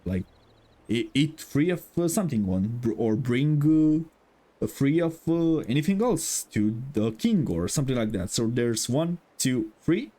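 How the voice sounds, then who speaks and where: A man's voice: medium pitch, big pitch swings, unhurried, warm tone. A young man casually commenting on a game as the channel's host, thinking aloud and swearing freely.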